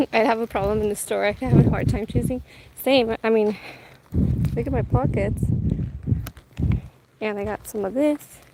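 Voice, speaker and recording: A woman's voice: a little high, normal speed, creaky, long pauses. A woman chatting casually on a food vlog, laughing often and retelling what others said, outdoors on a street. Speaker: food vlogger. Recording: noisy outdoor street sound. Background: street noise and wind.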